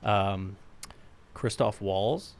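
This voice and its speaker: A man's voice: lowish voice, very slow. A man co-hosting a live podcast, chatting casually in an easygoing way. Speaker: podcast co-host.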